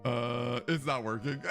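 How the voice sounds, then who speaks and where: A man casually commenting on a mystery game while reading its text aloud, animated and excitable, laughing often and talking to his chat. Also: medium pitch. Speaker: let's play streamer.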